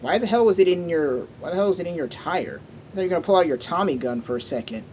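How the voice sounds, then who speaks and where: An excitable young man giving casual, chatty commentary while playing a racing game, cursing at mishaps. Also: on the high side, fast talker, a little hiss or hum. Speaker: gameplay commentator. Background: game music.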